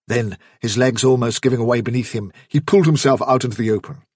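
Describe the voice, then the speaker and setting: Husky male reader, lively, dry close read. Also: mid-range voice, dry recording. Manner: measured, hushed storytelling. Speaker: audiobook narrator. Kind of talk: scripted narration.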